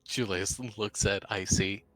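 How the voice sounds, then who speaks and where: A man casually narrating his character's moves in a tabletop game. His voice sits fairly low with a bright, forward tone. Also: little pitch movement, unhurried. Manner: third-person narration, casual. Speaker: player.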